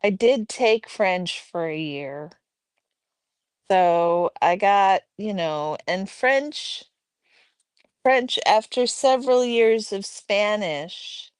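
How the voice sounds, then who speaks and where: A woman hosting a casual livestream at home, chatting and reading out viewers' messages in a relaxed way. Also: mid-range voice, extremely slow, clear, resonant tone, dry recording. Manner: relaxed, reads chat aloud, chatty asides. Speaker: livestream host. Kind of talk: casual chat with live chat.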